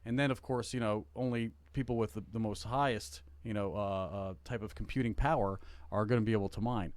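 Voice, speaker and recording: A middle-aged man talking casually on a podcast, his voice smooth and resonant. The sound is dry and close, with no room echo. He rambles, stacking fillers and restarting his sentences. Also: fairly low pitch, fairly even intonation, a little fast, darkish tone. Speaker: podcast co-host. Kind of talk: casual chat.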